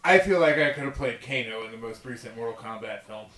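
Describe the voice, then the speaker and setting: A man's voice: medium pitch, lively intonation, fast, a bit bright, a little hiss or hum. A young man co-hosting a casual podcast, rambling and ranting, laughing often. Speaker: podcast co-host. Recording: roomy echo.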